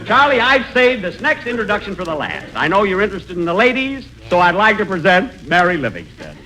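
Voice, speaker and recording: A man's voice: high-pitched, wildly swooping pitch, a little fast, sharp tone, rough recording. A man hosting a 1940s radio comedy, mock-polite and exasperated by turns. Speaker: comedy show host. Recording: 1940s radio broadcast with faint hiss.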